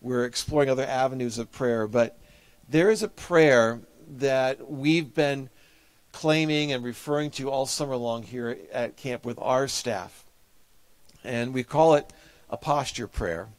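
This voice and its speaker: A man's voice: mid-range voice, unhurried, no room sound. A man preaching a sermon as a pastor, telling a personal story in an earnest, heartfelt way.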